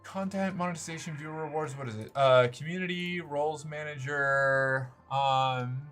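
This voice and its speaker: Over soft background music, a man with a voice on the high side streams a game live at a normal pace. He's animated, rambling and swearing as he plays and chats.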